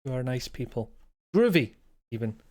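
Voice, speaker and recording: A man's voice: medium pitch, big pitch swings, normal speed, a little mellow. A man with a Scottish accent chatting casually to viewers as a game streamer, rambling and self-mocking and chuckling often, at a home streaming setup on a desk microphone. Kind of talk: casual live-stream chat.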